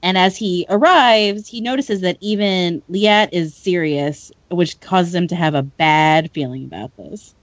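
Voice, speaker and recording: A woman's voice: lowish voice, unhurried, hardly any pauses, no echo, muffled recording. Chatty woman recapping a story. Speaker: podcast co-host summarizing book chapters. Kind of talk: casual chat.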